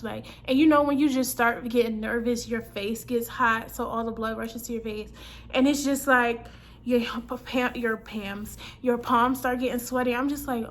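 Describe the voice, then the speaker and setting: A woman's voice: fairly high pitch, steady tone, moderate pace, fairly bright tone. A woman in her twenties telling a personal story in a casual storytime vlog, chatty and slangy, acting out her own lines and other people's. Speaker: vlogger.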